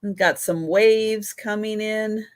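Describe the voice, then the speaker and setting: A woman's voice: mid-range voice, fairly even intonation, no room sound, poor audio. A woman on a live vintage sale describing a painting she is selling. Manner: slow, explaining and correcting pronunciation. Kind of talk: showing items on a live sale.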